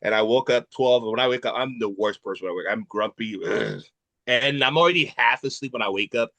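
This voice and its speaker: Quick, bright-voiced man telling stories. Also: medium pitch, no echo. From Nigeria. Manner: animated, acts out quoted voices in his stories. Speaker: comedian and podcast co-host. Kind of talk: casual chat, storytelling.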